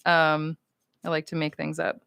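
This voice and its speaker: A woman's voice: deep voice, completely flat delivery, unhurried, vocal fry, fairly bright tone, smooth, no room sound. A woman from the United States, chatting casually on a livestream with fans, goofy and rambling as she reads chat comments aloud.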